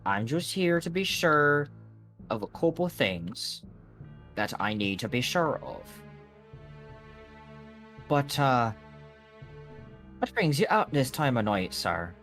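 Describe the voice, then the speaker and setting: A man voicing an imposing male traveling investigator who speaks in a gruff, blunt, street-slang way in a tabletop game. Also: medium pitch, sing-song, slow, long pauses, a bit bright, faint music behind. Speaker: player.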